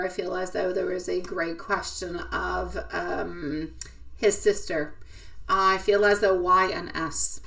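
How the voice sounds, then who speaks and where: A woman's voice: lowish voice, vocal fry, a bit bright, distant mic. A woman giving a live tarot reading, chatting in a giggly, affectionate way and addressing viewers by name. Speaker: tarot reader.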